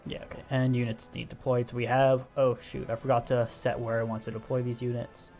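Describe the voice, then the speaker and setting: A young man with a gravelly, fry-edged voice talks through a strategy game, explaining each move as he goes and stopping to correct himself. His pitch sits in the ordinary middle, and soft music plays quietly behind him. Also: little pitch movement, a little fast. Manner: thinking aloud, explaining as he clicks, self-correcting. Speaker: gaming video host. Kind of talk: casual strategy game commentary.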